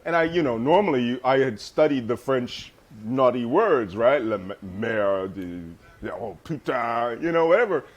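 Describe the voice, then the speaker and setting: A man guest in a casual interview, telling lively stories and laughing often. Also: mid-range voice, unhurried, lo-fi sound. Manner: animated storyteller, laughs often.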